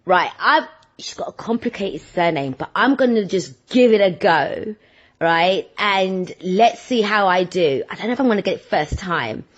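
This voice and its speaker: A woman vlogger telling everyday stories in a rambling, animated, self-deprecating chat. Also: medium pitch, moderate pace. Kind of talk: casual chatty monologue. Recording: dull lo-fi sound.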